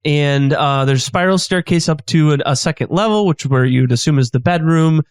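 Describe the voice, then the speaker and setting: A man's voice: on the high side, a little fast, clean tone, no echo, studio quality. A man, a guest improv comedian, narrating a scene in a rambling way full of fillers and restarts.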